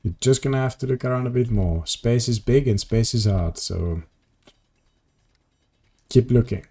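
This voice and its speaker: A man's voice: medium pitch, normal speed, mellow. A tired man chatting casually on a live stream as he plays, rambling and answering his viewers' messages. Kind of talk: casual live-stream chat while gaming.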